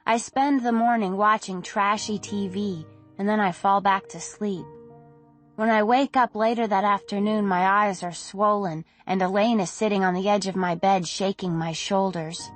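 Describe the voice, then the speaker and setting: A woman reading a novel aloud in the first person, in a gentle, unhurried manner. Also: mid-range voice, fairly even intonation, soft background music. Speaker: audiobook narrator. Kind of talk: first-person audiobook narration.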